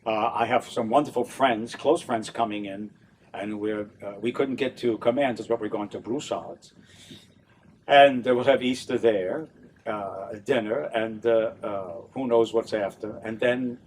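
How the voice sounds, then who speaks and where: An older man from New Orleans chats about his work in an animated voice that keeps breaking into laughs. He sits a little back from the mic. Faint room noise hums behind him. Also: on the low side, measured pace, far from the mic. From New Orleans, USA. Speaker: opera tenor and stage director, interview guest. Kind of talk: casual interview chat.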